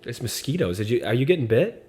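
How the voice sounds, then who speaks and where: A man's voice: mid-range voice, very animated, quick pace, darkish tone. A man hosting a comedy podcast, teasing his guest and wisecracking in casual banter. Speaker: podcast host.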